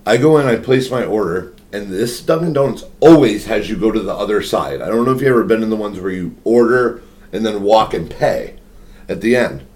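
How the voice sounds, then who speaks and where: A man's voice: lowish voice, fairly quick. A young man hosting a podcast, telling a rambling story in casual chat, swearing constantly. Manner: profane, rambling, animated storyteller. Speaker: podcast host.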